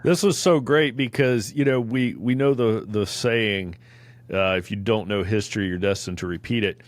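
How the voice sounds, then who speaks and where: A man's voice: lowish voice, moderate pace. A male podcast host affirming and praising his guest in an interview. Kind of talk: conversational interview.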